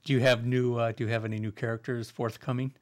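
A man interviewing a guest, asking questions in an admiring, slightly halting way. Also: medium pitch, flat delivery, no echo.

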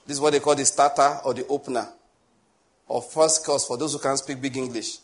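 A man with a Nigerian accent preaching a sermon as pastor, joking and digressing, then slowing down to spell out his points one by one. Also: medium pitch. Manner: joking, digressive, laughs often between points; slow, spelled-out teaching with lists.

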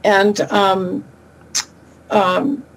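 A middle-aged woman talking as an interview guest over a remote call, chatty and down-to-earth with quick asides. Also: medium pitch, slight background noise, poor audio. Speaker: guest, animal intuitive and shaman. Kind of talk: casual interview talk.

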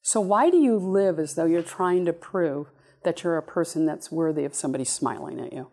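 A woman preaching a sermon in an animated, playful way, with sudden high exclamations. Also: a little fast. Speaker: speaker giving a talk.

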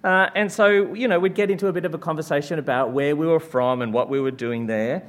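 A man from Australia, a guest preacher giving a sermon in a conversational storytelling way, full of "uh" fillers, after opening with a hushed, slow prayer. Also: fairly high pitch.

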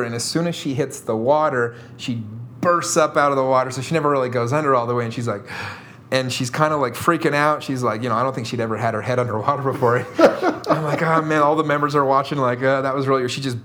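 A man telling a funny story as a podcast guest, animated and laughing often. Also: mid-range voice, a little hiss or hum. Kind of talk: casual storytelling.

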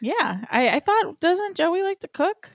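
A woman with a gravelly, fry-laden voice chats casually, mostly giving short, easygoing replies. Her voice sits in a middle range, recorded close and dry. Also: very high-pitched, sing-song, measured pace, dry recording. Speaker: podcast co-host. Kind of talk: casual chat.

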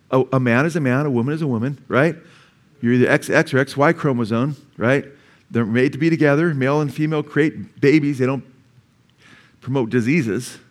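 Pastor guy giving a chatty rambling sermon, lots of asides, mid-pitched voice. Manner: conversational, rambling preaching with asides.

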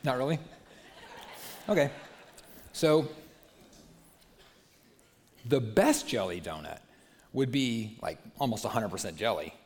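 A man preaching a sermon as a pastor, moving from hushed, gentle passages to loud, animated ones. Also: medium pitch, slow, long pauses. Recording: long hall reverb.

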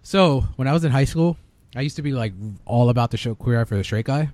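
A man's voice: medium pitch, quick pace, a little mellow, dry recording. Guy cohosting a podcast, laid back, cusses a lot, dry mic. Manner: joking, swears casually. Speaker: podcast co-host. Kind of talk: casual chat.

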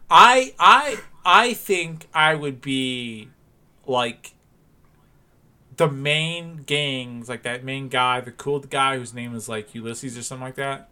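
A man's voice: medium pitch, slow pace, long pauses, bright, forceful tone, smooth. A man co-hosting a podcast in casual chat, rambling with frequent laughs and restarts. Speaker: podcast co-host.

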